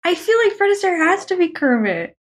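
A woman's voice: very high-pitched, big pitch swings, fairly quick. A woman co-hosting a podcast, talking hesitantly about a film and laughing as she goes. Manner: hesitant, giggly. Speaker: podcast co-host. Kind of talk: casual film discussion.

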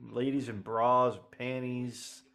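A man's voice: medium pitch, little pitch movement, slow pace, fairly bright tone. A man joking and riffing in casual commentary while watching a movie with a friend, laughing often.

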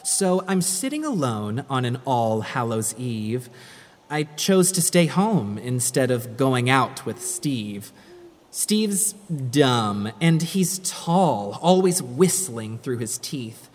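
Woman storyteller, very slow and sing-song, heard with a long hall-like reverb. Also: extremely low pitch, big pitch swings. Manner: dramatic, sing-song rhyming delivery. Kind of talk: rhyming spooky story reading.

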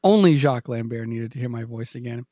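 A man's voice: mid-range voice, animated, fast, warm tone, no echo, clean studio sound. A man in his forties hosting a comedy podcast, rambling and self-mocking, trailing off into stammered restarts. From New England. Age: 40s. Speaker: podcast host.

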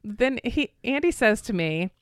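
A woman's voice: measured pace, smooth, no echo, studio quality. A woman co-hosting a podcast, telling a story casually with laughs and acted-out quotes. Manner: animated, laughing, acts out quotes in a high voice. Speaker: podcast co-host.

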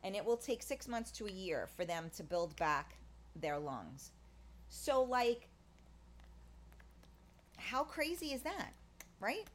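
A woman's voice: mid-range voice, sing-song, slow pace, long pauses, slight background noise. A woman talking in a casual, rambling monologue, full of fillers and restarts, blunt and candid. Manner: candid, blunt, swears in passing.

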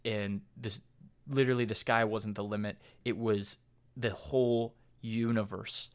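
A man's voice: fairly low pitch, clean tone. A young man in his twenties hosting his own podcast, talking in a casual, earnest monologue that rambles and restarts. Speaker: podcast host.

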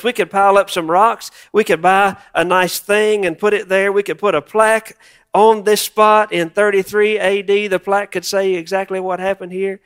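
A man's voice: high voice, fairly even intonation, moderate pace, fairly bright tone, clear, resonant tone. A male pastor preaching a sermon, reflective and wryly humorous, repeating words for emphasis.

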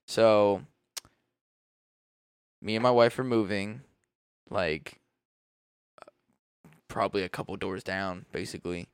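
A man's voice: lowish voice, takes it slowly, long pauses, clear, resonant tone, dry recording, clean studio sound. A young man co-hosting a podcast, chatting casually in a laid-back, rambling way and swearing freely. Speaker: podcast co-host. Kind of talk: casual chat.

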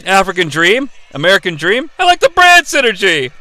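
A man hosting a live watch-along of a wrestling match, calling the action in an excitable, profane way. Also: high voice, a little fast, no room sound. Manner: excitable, profane, yelling play-by-play. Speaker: host.

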